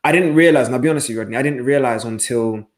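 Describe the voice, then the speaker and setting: A man's voice: mid-range voice, racing. A man who works as a sports presenter, speaking passionately and emphatically as a webinar guest over a video call. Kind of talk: webinar panel discussion.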